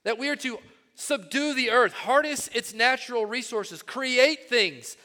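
A man preaching a sermon as pastor, animated, swinging between loud emphatic phrases and hushed ones. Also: extremely high pitch, measured pace, long reverb tail.

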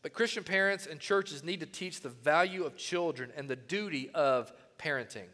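High, bright-voiced preacher man in a reverberant hall. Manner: animated preaching, swings from loud to hushed. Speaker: pastor. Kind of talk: sermon.

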